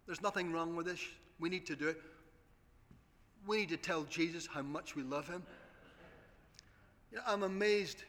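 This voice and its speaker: A man's voice: a little high, moderate pace, long pauses, fairly bright tone. A man preaching a sermon, earnestly appealing to his congregation. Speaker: pastor. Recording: long hall reverb.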